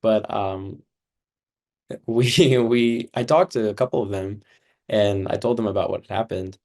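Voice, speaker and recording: Young male guest, low-voiced, earnest, constant "like" fillers, testimony. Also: unhurried, darkish tone. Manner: earnest, heavy use of "like". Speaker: interview guest. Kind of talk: personal testimony.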